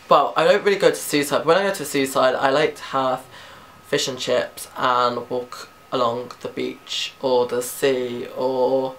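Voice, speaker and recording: A man's voice: mid-range voice, a bit bright, slight background noise. Chatty teenage boy vlogging. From Britain. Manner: chatty and rambling, quick to giggle, casual swearing. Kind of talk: casual chat answering a tag questionnaire.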